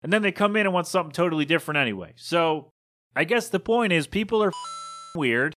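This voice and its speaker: A man's voice: fairly high pitch, lively intonation, fast, fairly bright tone, a little hiss or hum. A man hosting his own podcast, telling a story in a casual, rambling, digressive monologue. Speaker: podcast host.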